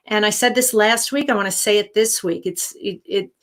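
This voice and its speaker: A woman's voice: medium pitch, moderate pace, a bit bright. A woman hosting a live-streamed show, answering viewer questions with earnest, encouraging life-coaching advice.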